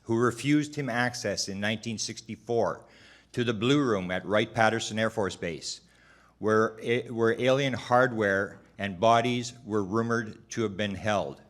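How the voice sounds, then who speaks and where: A man testifying at a public hearing, reading a prepared statement in a measured, formal way, now and then stumbling and restarting a word. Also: on the low side.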